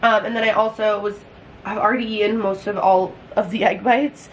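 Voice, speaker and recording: A woman's voice: mid-range voice, fairly even intonation, moderate pace, slight background noise. A young woman in her twenties chatting casually to camera in a sweary, filler-heavy vlog, feeling sick. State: sick and congested. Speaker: lifestyle vlogger. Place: at home indoors.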